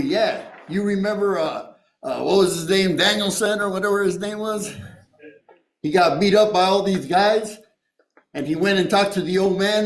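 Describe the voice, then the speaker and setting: A man's voice: sits high, roomy sound, a little hiss or hum, low-quality recording. A man sharing his recovery story at a meeting, streetwise and profane, tossing in "you know" and "right?". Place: meeting room.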